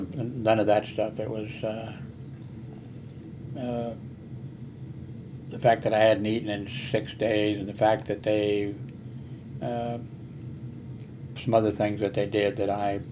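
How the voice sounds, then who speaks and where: Older man, hard of hearing, low even voice, meandering storyteller, faint background hiss. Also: takes it slowly, long pauses. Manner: meandering, many fillers and restarts. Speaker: vlogger. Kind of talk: rambling personal story.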